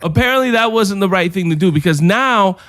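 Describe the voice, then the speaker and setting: A man co-hosting a podcast in casual chat, an animated storyteller who swears freely. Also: sits high, a little fast, no room sound, clean studio sound. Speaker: podcast co-host.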